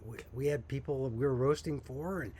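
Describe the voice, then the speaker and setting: The owner of a small coffee company tells his story to camera in a chatty, folksy manner, chuckling every so often. He speaks at normal speed with a mid-range, warm voice, and a faint hiss or hum is audible.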